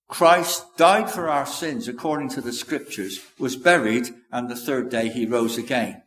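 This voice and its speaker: A man preaching a sermon in a measured, earnest way, quoting scripture aloud. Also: mid-range voice, a bit bright. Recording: echoey hall with long reverb.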